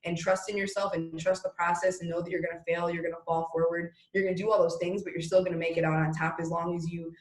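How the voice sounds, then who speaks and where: A woman's voice: lowish voice, level tone, quick pace, few pauses. A woman talking business motivation as a guest, rambling and restarting her sentences as she speaks straight to the listeners. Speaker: network marketing leader guest. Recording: roomy echo.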